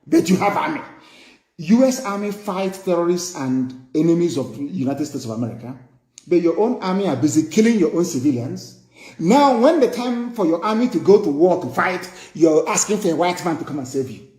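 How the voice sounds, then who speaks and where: Speaking to his followers live, a southeastern Nigerian man delivers a scornful, impassioned political broadcast, hammering points home through repetition. His pitch is fairly high and very animated, the pace moderate, the tone a little mellow, and the room audible around him.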